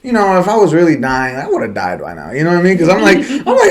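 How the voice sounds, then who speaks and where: A young man co-hosting a podcast, telling a story in casual chat, animated and swearing, laughing often. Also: high-pitched, fast, few pauses. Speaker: podcast co-host.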